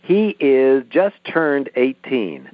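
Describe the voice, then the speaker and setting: A middle-aged man, an author being interviewed, explaining his work in a relaxed, storytelling way. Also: medium pitch, slow, dry recording. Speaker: author guest. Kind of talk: interview over a phone line. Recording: tinny dry phone line.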